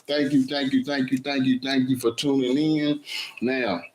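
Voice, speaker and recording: A man's voice: medium pitch, fairly even intonation, moderate pace, poor audio. A man hosting his cooking channel's live stream, chatting casually, greeting viewers by name and repeating his phrases over and over.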